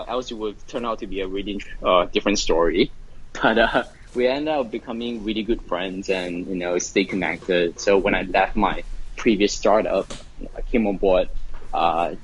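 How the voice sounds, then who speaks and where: Low husky man on earbud mic. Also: highs cut off. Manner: relaxed, many fillers and laughs. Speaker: podcast guest, investor. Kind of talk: casual interview conversation. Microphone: wireless earbuds.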